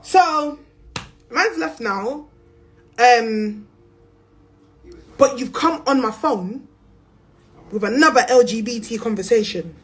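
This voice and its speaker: On her livestream, an influencer from England with a London accent tells a story slowly, pausing often, in a slightly high voice. She's young, blunt and foul-mouthed, leans on slang, and gets animated with sudden bursts of laughter.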